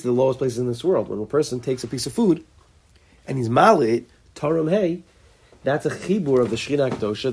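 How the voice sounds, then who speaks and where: A man speaks in a mid-pitched, somewhat husky voice as he leads a relaxed study session. He thinks out loud, trips over and repeats small words, and drops Hebrew and Yiddish terms into plain English explanations. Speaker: teacher leading a study group. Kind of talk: informal Torah class.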